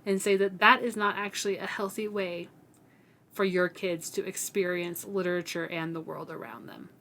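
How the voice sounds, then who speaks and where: A woman co-hosting a podcast, speaking in an earnest, measured, agreeable way in casual discussion. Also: fairly low pitch, fairly even intonation, fairly bright tone. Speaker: podcast co-host.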